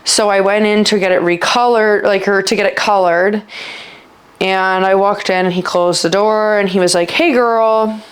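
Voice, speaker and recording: A woman's voice: medium pitch, steady tone. Rambling woman telling a personal story. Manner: rambling, heavy on filler words; halting, trailing off when upset. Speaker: vlogger.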